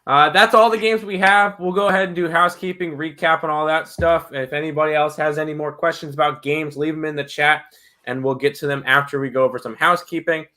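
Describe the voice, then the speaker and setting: Bright-voiced man reading viewer questions. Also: on the high side, a little fast. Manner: relaxed, many fillers, reads viewer questions. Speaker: sports betting co-host reading chat. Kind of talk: casual live-stream chat.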